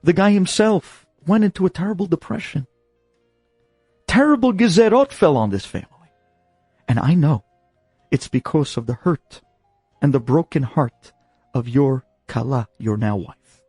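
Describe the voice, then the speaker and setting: A man's voice: a little high, lively intonation, normal speed, pauses often, a little mellow, slightly rough, no echo, studio quality, faint music behind. A man voicing an elderly, revered rabbi who speaks earnestly and pleads.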